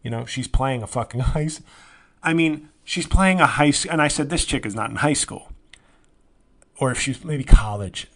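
Gravelly, rambling comedian in his forties. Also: medium pitch, normal speed. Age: 40s. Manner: rambling, self-mocking, swings to loud excited yelling. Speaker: podcast host, comedian. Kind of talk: solo comedic podcast monologue.

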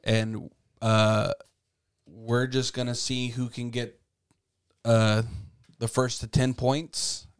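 A man of middle pitch co-hosting a podcast, talking in a relaxed, rambling way. He fills his sentences with um and like and swears freely between jokes. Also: slow pace, clear, resonant tone. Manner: rambling, laid-back, many fillers and profanity. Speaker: podcast co-host. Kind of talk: casual chat.

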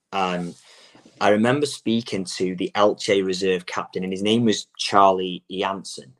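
A young Englishman with a low, deep voice talks casually as a guest about coaching soccer. He rambles loosely, circling back and restarting his sentences and leaning on filler words. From England. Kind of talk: casual interview talk.

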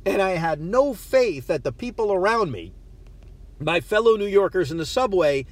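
A man's voice: high voice, animated, moderate pace, dry recording. A man, hosting a podcast and telling a story in a casual, self-deprecating way, often stammering as he restarts. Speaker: podcast host. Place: parked car.

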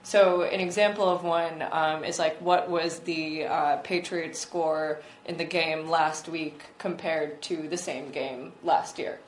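Woman co-host, chatty, hesitant, lowish voice, echoey room with faint hiss. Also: steady tone, slow pace, few pauses. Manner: chatty, hesitant with fillers, laughs often. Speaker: co-host presenting startups. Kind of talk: casual tech chat.

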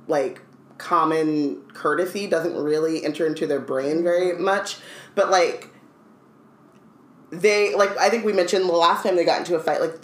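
A woman's voice: lowish voice, reverberant. A woman co-hosting a podcast who chats casually and animatedly, with a playful, filler-heavy way of talking. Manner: animated, playful, says "like" a lot. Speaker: podcast co-host. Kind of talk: casual chat.

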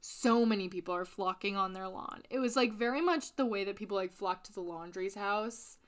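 A woman co-hosting a casual true crime podcast, recounting a case in an animated, sweary way and laughing often. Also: mid-range voice, brisk. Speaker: podcast co-host.

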